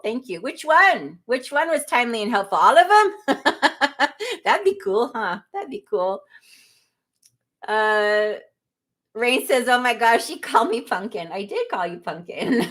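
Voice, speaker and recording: A woman's voice: medium pitch, fairly bright tone. A middle-aged woman hosting a casual livestream, reading viewer comments aloud in a chatty, self-deprecating way and laughing often. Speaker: livestream host.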